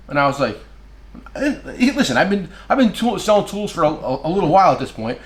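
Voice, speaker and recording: A man's voice: high voice, fast talker, echoey room, slight background noise. A man who works as a tool dealer, telling stories in a casual chat and acting out the voices of the people he quotes. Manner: animated, acts out quoted voices, swears.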